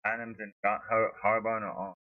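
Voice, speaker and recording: A man giving live fan commentary during a watch-along, ranting profanely with sudden high-pitched outbursts at the referee. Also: flat delivery, brisk, dry recording, narrow, tinny audio.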